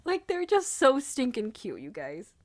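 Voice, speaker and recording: A woman's voice: high voice, huge pitch swings, measured pace, no echo. A woman reviewing an anime episode in a casual, gushing and emotional way, with lots of fillers.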